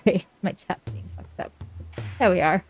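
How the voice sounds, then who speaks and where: A woman's voice: fairly low pitch, sing-song, normal speed, muffled recording, soft background music. A young woman streaming a game live, chatting casually, sarcastic and swearing freely.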